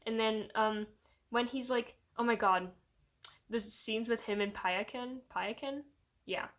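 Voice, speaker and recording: A young woman giving a casual, rambling movie review in her own channel's video, animated and full of fillers, slipping into voices when she quotes characters. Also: on the high side, a little slow. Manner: rambling, animated, heavy use of "like".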